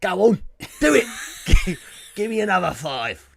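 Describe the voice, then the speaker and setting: A man voicing a gruff, bossy street tough in a put-on Cockney accent, barking orders. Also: high-pitched, huge pitch swings, slow pace, a crowd in the background, voice pushed up, exaggerated voice. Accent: put-on Cockney English.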